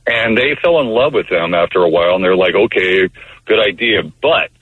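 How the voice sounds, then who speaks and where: A man's voice: on the low side, a little fast, breathy edge, no echo, phone-quality sound. A man telling a long story as a guest on a casual radio chat, rambling with fillers and restarts.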